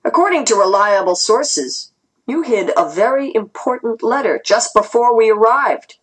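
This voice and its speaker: A woman reading aloud and voicing a cruel male interrogator who taunts and snarls, her voice husky. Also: a little high, lively intonation, normal speed, low-quality recording. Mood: taunting.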